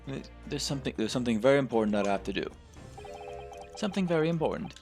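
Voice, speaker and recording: A man's voice: mid-range voice, lively intonation, rapid-fire, a little mellow, faint music behind, lightly acted. A man voicing a stammering young lawyer. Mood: unsure. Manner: hesitant, stammering. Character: hesitant young Japanese defense lawyer, man.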